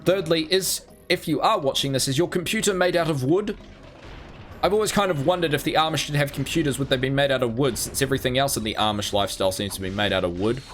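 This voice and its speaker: A man's voice: mid-range voice, quick pace, fairly bright tone. A man streaming a video game, rambling through crude jokes in casual commentary.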